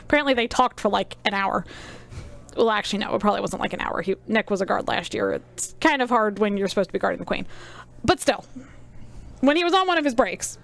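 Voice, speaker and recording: A woman's voice: mid-range voice, animated, quick pace, gravelly, fairly bright tone. A woman commentating casually on a card game stream, chatty and rambling with frequent ums.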